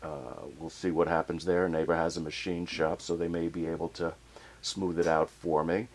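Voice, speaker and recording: A man casually narrating a hands-on turntable repair in a relaxed, plainspoken way while he works in a home workshop. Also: low voice, normal speed. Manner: relaxed, plainspoken, working as he talks. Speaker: hobbyist restoring a turntable.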